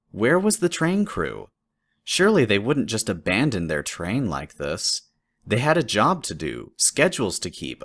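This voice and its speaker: A man narrating a fanfic horror story in a steady, measured way. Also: on the low side.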